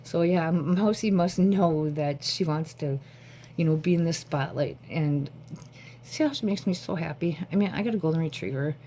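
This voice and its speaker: A woman with a lowish, mellow voice talks to her phone camera at home. Short on sleep, she rambles casually from one thought to another. A faint hum sits under her voice. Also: normal speed. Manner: rambling, jumps between thoughts. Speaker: vlogger.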